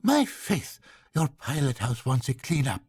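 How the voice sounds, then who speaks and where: A man's voice: fairly high pitch, big pitch swings, a little mellow, husky, pitched above the performer's own voice, exaggerated voice. An older man voicing an eager, cheerful young wanderer who gushes and swings between moods. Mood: gabbling excited. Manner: gushing, rapid mood swings. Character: cheerful excitable young man in patched clothes.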